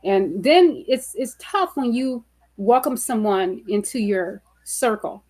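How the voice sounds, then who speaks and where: Woman with a steady, explaining manner. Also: medium pitch, slow pace. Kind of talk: casual panel chat.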